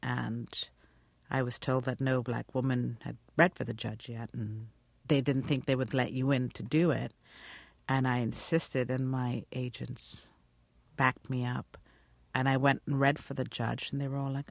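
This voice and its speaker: A woman's voice: rumbling low, measured pace, vocal fry, no echo. A woman, an actress, telling stories in an interview and acting out the people she quotes. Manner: animated storyteller, acts out quotes. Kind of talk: radio interview.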